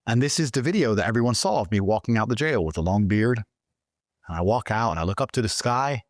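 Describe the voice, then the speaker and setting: A man from Britain, a guest in an interview, telling a story in a heated, profane way and swinging into high, excited outbursts. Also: quick pace, no echo, clean studio sound.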